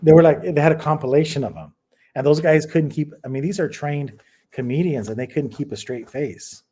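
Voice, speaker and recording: A man co-hosting a casual podcast, telling his stories in halting, rambling bursts full of restarts. His voice is dark and husky, at an ordinary pitch. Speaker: podcast co-host. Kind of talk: casual chat.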